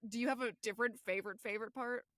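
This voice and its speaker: Chatty woman cohost, bright tense voice, dry close sound, laughs a lot. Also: a little high, fairly even intonation, very fast, no room sound. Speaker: podcast co-host. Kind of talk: casual chat.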